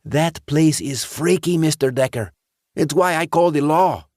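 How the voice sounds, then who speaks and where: A man voicing an earnest, insistent teenage boy, raising his voice high and urgent. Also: measured pace, darkish tone, dry recording, studio quality, lightly acted. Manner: raised, high, urgent delivery.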